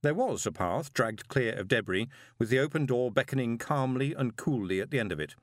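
A man reading a novel aloud as an audiobook narrator, dramatic and expressive with drawn-out pauses. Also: mid-range voice, no echo. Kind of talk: scripted narration. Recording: dry close studio recording.

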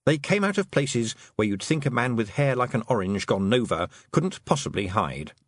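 Male storyteller, lively pitch, audiobook narration, dry close recording. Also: normal speed, no echo. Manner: expressive, varied storytelling. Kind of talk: scripted narration.

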